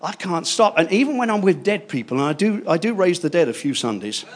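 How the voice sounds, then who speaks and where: An older man preaching a fervent sermon, swinging between hushed asides and loud declarations. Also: high voice, very animated, brisk, slight background noise.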